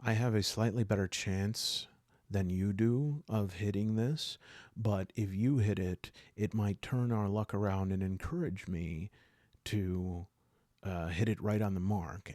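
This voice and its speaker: A man's voice: fairly low pitch, unhurried, warm tone, no echo, clean studio sound, lightly acted. Man playing a polite young knight. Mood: courteous. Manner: polite and formal. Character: courteous, honest young male squire-knight.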